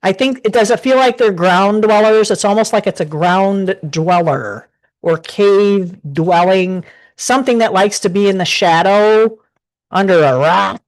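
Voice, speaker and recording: A woman's voice: mid-range voice, measured pace. Chatty woman giving a rambling tarot reading. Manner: rambling, chatty, many restarts. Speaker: tarot reader. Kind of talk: casual live tarot reading. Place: home desk.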